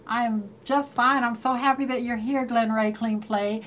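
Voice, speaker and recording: A woman's voice: fairly high pitch, steady tone, a little slow, a bit bright. A woman hosting a casual live stream, chatting and greeting viewers by name and laughing often. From North Carolina.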